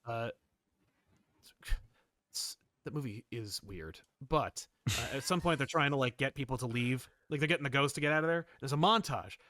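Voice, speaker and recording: A man co-hosting a comic book podcast in a casual, animated chat. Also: medium pitch, moderate pace, no room sound. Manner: animated, jumps into quoted voices and laughs. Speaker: podcast co-host.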